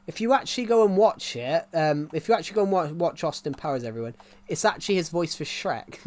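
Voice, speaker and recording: A young man chatting on a live stream, his voice sitting a touch higher than most men's. He rambles, restarts sentences, and laughs at his own jokes. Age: young adult. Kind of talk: casual live-stream chat.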